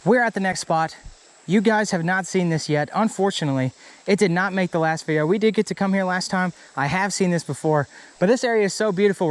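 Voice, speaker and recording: A young man vlogging outdoors by a creek, excitable and often swearing and laughing. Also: high-pitched. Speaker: fishing vlogger. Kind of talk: casual outdoor vlog chat.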